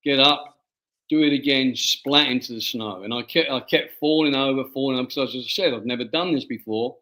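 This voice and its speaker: A man, an author being interviewed, telling a personal story in a halting way and often repeating his words. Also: medium pitch, sharp tone, low-quality recording. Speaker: author guest.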